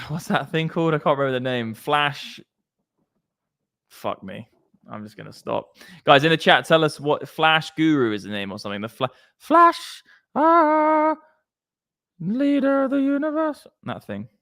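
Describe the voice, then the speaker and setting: A man's voice: mid-range voice, brisk, creaky, a bit bright. A man hosting a casual crypto livestream, chatty and slangy, swearing freely. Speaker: crypto stream host.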